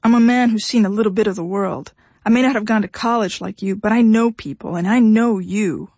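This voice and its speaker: A woman's voice: medium pitch, brisk, warm tone, slightly rough, no room sound. A woman voicing a pushy, pleading husband. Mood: insistent. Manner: pleading, insistent, voice cracking. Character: desperate, pushy, tearful husband, grown man. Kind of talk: audiobook character reading.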